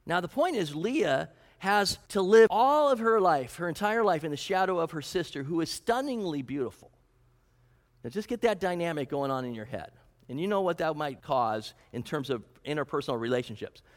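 A man preaches a sermon in a large hall, his slightly high voice swinging up and down as he retells scripture. He acts out the characters' lines with lively storytelling. A long reverb trails each phrase. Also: moderate pace. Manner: animated storytelling, acts out quotes. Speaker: pastor.

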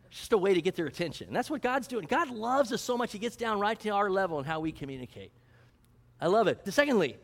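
A male pastor with a high voice delivers a sermon, putting questions to his congregation. The sound carries a long reverb, like a church hall. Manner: teaching, asks the congregation questions.

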